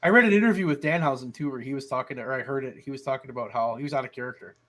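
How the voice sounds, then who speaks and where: A man co-hosting a casual podcast chat, telling animated stories and swearing freely. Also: mid-range voice, rapid-fire. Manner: animated storyteller, swears a lot. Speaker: podcast co-host.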